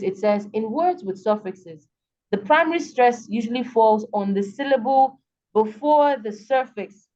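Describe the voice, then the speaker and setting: A woman's voice: fairly high pitch, mellow. Nigerian woman teaching over a lo-fi call. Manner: patient, repeats words slowly to model stress; frequent fillers and checks with okay. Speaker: English teacher. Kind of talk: online class lecture. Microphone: video call. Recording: dull lo-fi video call audio.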